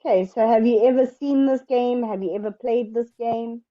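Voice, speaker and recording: A woman teaching English in an online lesson, explaining step by step in a patient, slow way. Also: a little high, dull audio.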